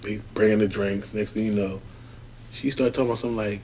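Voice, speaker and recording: A man, co-hosting a podcast and telling a long, profane story in casual chat, animated and acting out other people's voices. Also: on the low side, quick pace, slightly rough. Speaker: podcast co-host.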